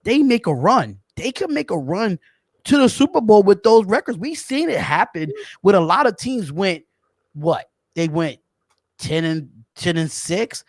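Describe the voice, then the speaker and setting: A man hosting a casual sports talk podcast, animated and chatty, calling out to viewers. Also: high-pitched, unhurried, dry recording, clean studio sound. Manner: animated, shouts out viewers, says y'all. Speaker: podcast host.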